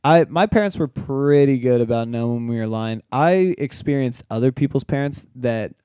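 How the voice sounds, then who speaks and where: A young man with a mellow, smooth voice, recorded close and dry. He tells stories in a laid-back way, swears freely and acts out quotes now and then. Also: medium pitch, expressive, moderate pace, dry recording. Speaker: podcast co-host. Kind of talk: casual chat.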